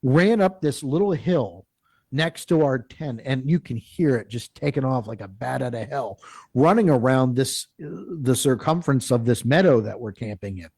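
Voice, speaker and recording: At normal speed, in a mid-range male voice with no echo, a live-interview guest relates an extended story from the field. His telling is animated and rambling, full of acted-out dialogue and frequent restarts.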